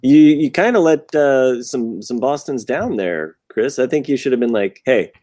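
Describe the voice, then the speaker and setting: A man's voice: medium pitch, animated, moderate pace, warm tone, no echo. A man co-hosting a podcast, riffing with jokes and laughing through his lines in a casual chat. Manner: joking, giggly riffing. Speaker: podcast co-host.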